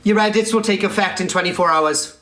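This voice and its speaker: Theatrical man live streaming. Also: a little fast. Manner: teasing and theatrical, swinging between shouts and low mutters. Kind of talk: live stream chat reading. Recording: echoey room with faint music.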